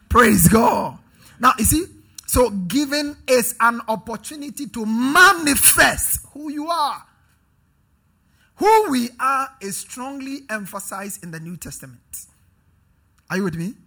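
A man preaching a sermon in a church service, leading call-and-response with the congregation and building up to emphatic shouts. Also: high voice, creaky, slightly rough. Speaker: pastor.

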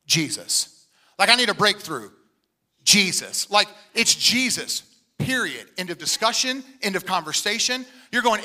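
A man's voice: high-pitched, big pitch swings, moderate pace, pushed and bright. A middle-aged male pastor preaching a sermon with energy and humor, often quoting people in put-on voices.

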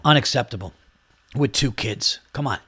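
A man's voice: medium pitch, moderate pace, a bit bright, slightly rough, dry recording. A man in his thirties hosting a podcast, ranting in a profane, exasperated comic monologue and mimicking other people. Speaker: podcast host.

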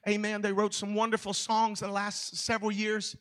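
A man with a Southern American accent preaching a revival sermon in a church, in a preachy cadence that builds to shouting. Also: sits high, completely flat delivery, a little fast, big-room sound. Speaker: pastor. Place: church hall.

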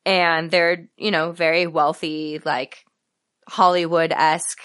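A woman co-hosting a podcast in a loose, casual chat. Her voice is bright and crisp, sitting a little low. She hesitates often and fills gaps with ums. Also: flat delivery, slow pace. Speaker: podcast co-host.

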